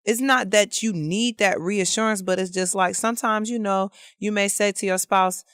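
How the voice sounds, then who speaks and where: A woman guest on a casual podcast, calmly reasoning through her opinion in a debate. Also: mid-range voice, moderate pace, hardly any pauses, smooth, dry recording, clean studio sound.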